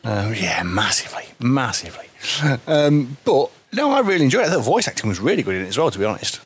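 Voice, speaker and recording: A man's voice: medium pitch, sing-song, fast, husky. A man, co-hosting a podcast, laid-back and rambling. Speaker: podcast co-host. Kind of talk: casual chat.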